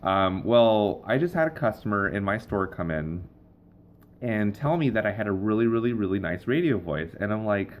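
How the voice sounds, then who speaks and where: A man's voice: lowish voice, lively intonation, moderate pace, a little hiss or hum. A man hosting his own comedy vlog, chatting casually to camera in a rambling, playful way. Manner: rambling, playful, with frequent fillers. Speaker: host of a comedy vlog show.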